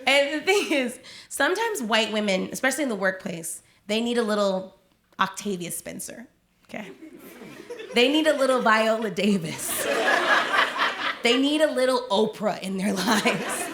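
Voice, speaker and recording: A woman comedian performing a stand-up set on a club stage, chatty and animated with lots of "like". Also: on the high side, moderate pace. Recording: echoey live club, loud background noise. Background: audience laughter.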